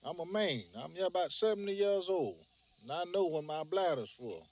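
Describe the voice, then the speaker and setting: Brief: man impersonating an elderly chauffeur of about seventy, dignified and patient, with a slow, soft drawl. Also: fairly high pitch, expressive, no echo. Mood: indignant.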